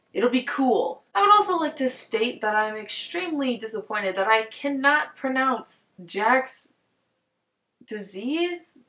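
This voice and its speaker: A woman giving a casual book review at home, excitable and rambling, with lots of "like" fillers. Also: fairly high pitch, reverberant. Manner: excitable and rambling, heavy use of "like". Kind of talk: casual book talk vlog. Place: top-floor apartment at home.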